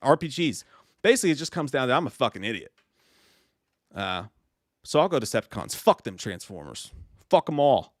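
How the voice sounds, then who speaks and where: A man co-hosting a live stream in loose, rambling chat, cursing often and joking at his own expense. His voice is mid-pitched and the sound is dry and close. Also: big pitch swings, fairly quick, long pauses, dry recording. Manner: profane, rambling, self-deprecating. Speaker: co-host of a movie live stream.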